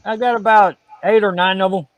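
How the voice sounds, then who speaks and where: A man's voice: sits high, fairly even intonation, fairly quick, no room sound. A man joining a live stream as a guest, giving brief, matter-of-fact answers. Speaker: guest caller. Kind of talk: casual chat.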